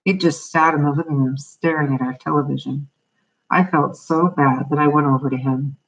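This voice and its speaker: A woman reading a children's novel aloud as a storyteller, in steady, plain narration. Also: low voice, normal speed, dull audio.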